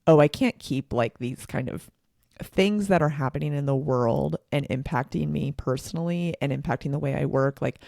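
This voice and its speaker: A woman's voice: low voice, moderate pace, vocal fry, warm tone, no echo, studio quality. A woman, co-hosting a podcast in a casual, sarcastic, laughing way. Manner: sarcastic, laughing, filler-heavy. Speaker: podcast co-host.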